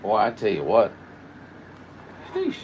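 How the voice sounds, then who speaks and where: A man's voice: fairly low pitch, huge pitch swings, slow, far from the mic, dull audio, slight background noise. Rambling, folksy radio man. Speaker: CB radio livestream host. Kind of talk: casual livestream chat.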